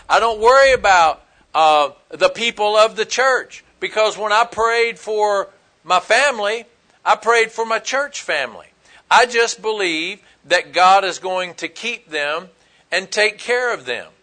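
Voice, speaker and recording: Folksy high-voiced preacher man. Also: bright, forceful tone. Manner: folksy, emphatic preaching with rhetorical questions. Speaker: pastor. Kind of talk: sermon.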